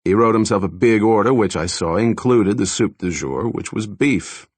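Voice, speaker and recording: A man's voice: on the low side, normal speed, no echo. A man narrating a first-person thriller audiobook in a dry, wry storytelling manner, close to a studio mic.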